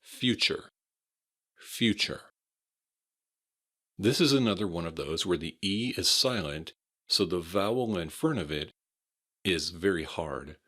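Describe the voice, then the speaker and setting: A man with an American accent teaching pronunciation, repeating each word slowly and carefully. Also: deep voice, expressive, a bit bright, husky. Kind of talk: slow, deliberate pronunciation lesson.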